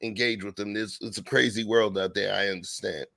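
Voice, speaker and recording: A man co-hosts a relaxed talk show, his voice rough and gravelly. He talks in an emphatic, slangy way, close to a dry microphone with no room sound. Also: lowish voice, a little fast, no room sound. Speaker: podcast co-host. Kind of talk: casual commentary chat.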